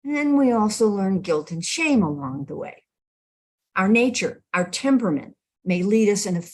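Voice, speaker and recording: Slow, husky woman minister preaching. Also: mid-range voice. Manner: storytelling, slow and expressive. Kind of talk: sermon.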